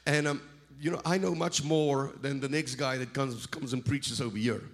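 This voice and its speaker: A middle-aged man from South Africa preaching a sermon as a visiting preacher, animated, repeating words and swelling into shouts. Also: medium pitch, normal speed.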